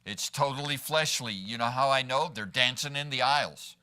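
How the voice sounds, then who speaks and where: Man, pastor, conversational sermon, rhetorical questions, bright tense tone, church. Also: mid-range voice, moderate pace, smooth. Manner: conversational, peppered with rhetorical "right?". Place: church sanctuary.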